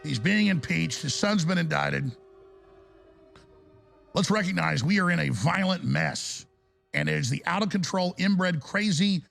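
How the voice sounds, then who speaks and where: A male talk radio host delivering a heated, ranting monologue in a gravelly voice. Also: on the high side, fairly bright tone.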